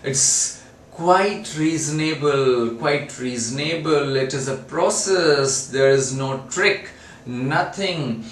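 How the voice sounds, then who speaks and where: A man's voice: mid-range voice, slow, slight background noise, pitched above the performer's own voice, close to an everyday voice. A man voicing a desperate invisible male scientist who keeps pleading and insisting, repeating his words with urgency. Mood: insistent. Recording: roomy, distant mic, faint ambience.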